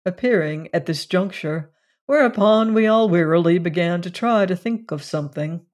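Measured storyteller reading a short story as an audiobook. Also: mid-range voice, darkish tone. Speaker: narrator.

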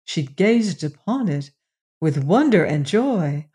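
A storyteller reading a fairy tale aloud in a slow, measured way. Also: medium pitch, big pitch swings, dark tone.

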